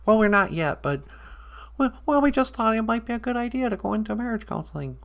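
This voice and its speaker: A woman's voice: a little high, animated, brisk, creaky. A woman voicing a nervous, hesitant male frog puppet who calls in to a live show, stammering and timid. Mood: sheepish. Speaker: caller.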